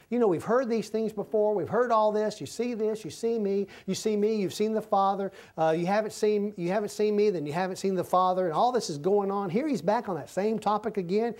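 A man preaching a folksy, humorous sermon in a church, swinging between loud and soft. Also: high voice, brisk, hardly any pauses. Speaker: pastor. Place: church sanctuary.

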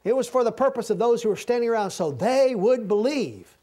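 Folksy preacher, high voice. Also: male voice, expressive, brisk, mellow. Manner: folksy, humorous preaching with sudden swings in pitch and volume. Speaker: pastor. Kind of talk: sermon. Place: church sanctuary.

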